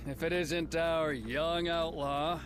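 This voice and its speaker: A man voicing a shifty, corrupt frontier lawman in a video game, smug but quick to stammer. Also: a little high, steady tone, slight background noise. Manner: smug, then stammering when caught. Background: game music.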